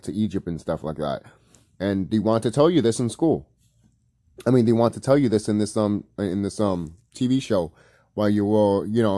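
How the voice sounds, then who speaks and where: A man with a lowish, mellow voice rambles through a casual reaction commentary, swearing freely and breaking into laughs. His talk is loose and filled with "um" and "you know," recorded dry and close. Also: dry recording. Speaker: video commentator.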